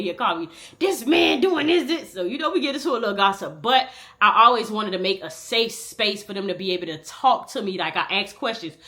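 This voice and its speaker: A woman in her thirties with a bright, forward voice spins a rowdy true-life storytime. She swears freely and talks straight to the viewer like a close friend, animated and loose. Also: mid-range voice. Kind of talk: casual storytime.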